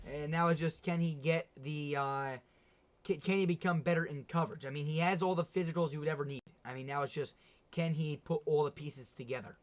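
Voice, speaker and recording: A man's voice: a little high, steady tone, brisk. A young man hosting a casual sports talk livestream, chatty and rambling, often laughing at himself. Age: young adult. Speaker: livestream host. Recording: dull lo-fi stream audio.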